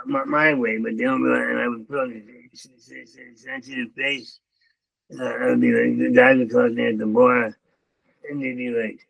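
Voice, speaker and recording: A man's voice: medium pitch, gravelly, a bit bright, breathy edge, no room sound, low-quality recording. An older man, a comedian, telling stories in an interview with heavy stammering and repeated words. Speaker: comedian guest. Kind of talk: storytelling interview.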